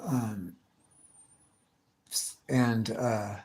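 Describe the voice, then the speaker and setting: A man's voice: fairly low pitch, fairly even intonation, extremely slow, a little mellow. A man live streaming, chatting casually with his viewers and answering their comments in a rambling, slang-heavy, profane way with many restarts.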